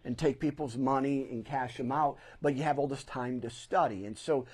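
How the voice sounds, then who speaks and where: A man's voice: mid-range voice, moderate pace, a little mellow, slightly rough. A middle-aged man, a pastor, preaching a sermon in a church sanctuary, telling a personal story and pressing hard on key phrases.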